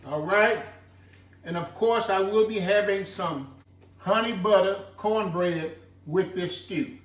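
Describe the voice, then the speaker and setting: A fairly high-voiced man talks unhurriedly through a homemade stew recipe, peppering his talk with "look." He sounds a little distant from the mic, in an echoey home kitchen with a faint hum behind him. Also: takes it slowly. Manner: folksy, chatty, fond of saying "look". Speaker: home cooking channel host. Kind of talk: casual cooking demonstration.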